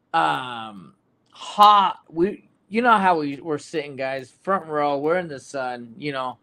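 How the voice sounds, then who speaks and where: Guy hosting a sports podcast, kinda high voice, chatty and animated, lots of ums. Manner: animated storyteller, trails off with fillers. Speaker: podcast host. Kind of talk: casual sports podcast chat.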